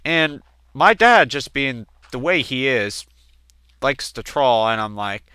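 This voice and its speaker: Bright, crisp-voiced man in his twenties. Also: expressive, takes it slowly, dry recording. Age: 20s. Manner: chatty storytelling, acts out quoted family members with sudden jumps in pitch. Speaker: gameplay commentator. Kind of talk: casual let's-play commentary.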